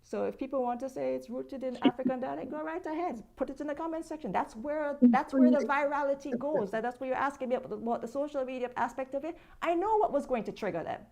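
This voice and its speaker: A woman's voice: high voice, fast, few pauses, mellow. A Jamaican woman from Jamaica, a social media creator, speaking as a guest in a conversational interview and firmly explaining her position.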